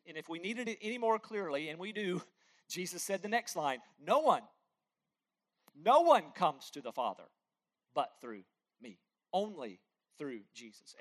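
A high-voiced pastor preaches a sermon, pleading with his listeners as he moves between loud, emphatic lines and hushed, quiet ones.

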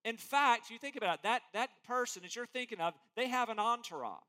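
A man preaching an expository sermon as pastor, emphatic and animated, acting out quotes as he goes. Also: extremely high pitch, a little fast.

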